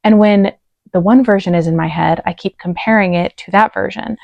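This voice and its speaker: In a muffled recording with no room sound, a woman with a gravelly mid-range voice hosts a reaction video, talking briskly and close to the mic. She's choked up and emotional, chatting and gushing with plenty of "like" fillers.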